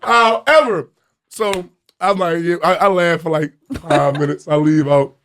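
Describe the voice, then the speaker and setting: A man from Philadelphia, a comedian guest telling a story on a podcast in a lively way and acting out the voices of the people in it. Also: fairly high pitch, moderate pace, background noise. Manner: animated storyteller who acts out voices, bursts into loud laughter.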